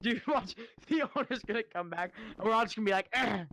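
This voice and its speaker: A streamer chatting excitedly through a VR game on a headset, jumpy and playful, slipping into hushed whispers while hiding. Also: medium pitch, quick pace. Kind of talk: casual gaming chatter.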